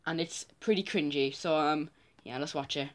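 A man's voice: on the high side, normal speed. A teenage boy vlogging, reacting to his own old videos in casual, self-mocking commentary.

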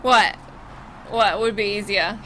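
A woman's voice: mid-range voice, fairly even intonation, takes it slowly, fairly bright tone. A woman co-hosting casual gameplay commentary who keeps breaking into helpless laughter. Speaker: game show co-host. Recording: noisy background hiss.

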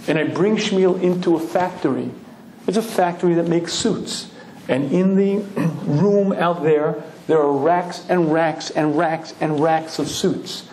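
A male Torah lecturer telling a lively story, clearing his throat often. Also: fairly high pitch, a little slow, slight background noise. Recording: roomy echoing hall.

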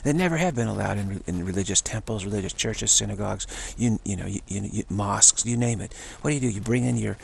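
Talking quickly with hardly any pauses, this man has a lowish voice with vocal fry, and there's slight background noise. He's a spiritual teacher giving a rambling, casual talk taped himself at home, repeating points and chuckling along the way.

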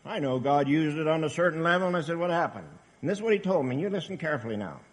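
A man's voice: a little high, animated, racing. A man preaching a sermon in an emphatic, earnest, exhorting manner. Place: church camp meeting hall. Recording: reverberant hall.

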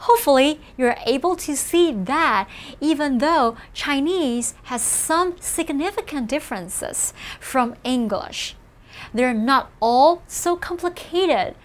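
Slow, high-voiced woman teaching. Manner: slow, careful, encouraging explanation with model phrases. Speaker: language teacher. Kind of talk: scripted lesson narration.

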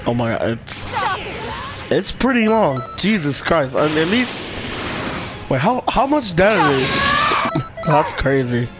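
A man giving casual game commentary in an excitable way, swearing, shouting and repeating himself. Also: fairly high pitch, slow pace, long pauses. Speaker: gameplay commentator. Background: loud game music.

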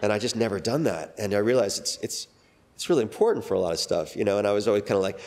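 Fast-talking middle-aged actor, rambling. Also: male voice, lowish voice, animated, a little mellow. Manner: rambling, many fillers and restarts. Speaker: guest actor. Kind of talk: casual interview talk.

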